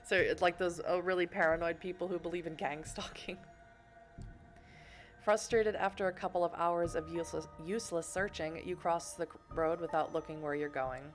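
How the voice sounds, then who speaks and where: A woman's voice: fairly low pitch, steady tone, moderate pace, faint music behind. A woman from Boston, streaming a video game, reads the story text aloud with playful, giggly asides to chat. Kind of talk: reading game text and chatting on a livestream.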